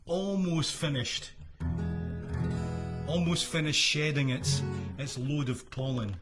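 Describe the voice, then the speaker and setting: A man's voice: fairly high pitch, slow, over loud music. A Scottish man with hay fever, chatting casually between songs on a livestream from home. He rambles, trails off with ums and chuckles often. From Scotland. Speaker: singer and musician hosting a livestream. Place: at home in Florida.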